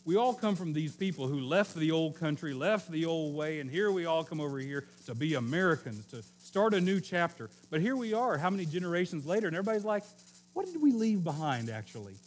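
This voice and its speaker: A middle-aged man from Oklahoma preaching a sermon in a relaxed, conversational storytelling way, joking and correcting himself as he goes. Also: on the high side, fast talker, few pauses, faint music behind. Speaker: pastor.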